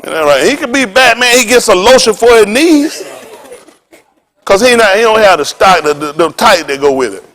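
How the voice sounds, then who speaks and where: High, lively-voiced joking pastor man. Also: normal speed. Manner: animated, laughs often, loud exclamations. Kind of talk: joking, rambling sermon talk.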